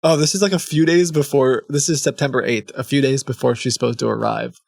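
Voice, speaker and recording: A male streamer making amused, casual asides on a live stream. His gravelly voice sits in a middle pitch range and is caught close on a dry mic. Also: steady tone, a little fast, hardly any pauses, darkish tone, no echo. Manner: amused, chuckling asides between readings.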